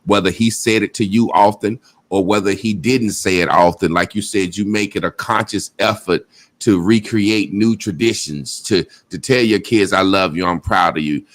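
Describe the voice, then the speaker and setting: A man's voice: low-pitched, normal speed. A man hosting a podcast, talking candidly and rambling, often checking in with "you know what I'm saying?". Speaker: podcast host. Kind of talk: casual chat.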